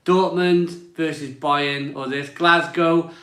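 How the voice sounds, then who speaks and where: A man's voice: on the high side, steady tone, slow, pushed and bright, reverberant. Chatty man hosting a beer live stream. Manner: chatty, greets viewers and reads out chat comments. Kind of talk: casual live stream chat.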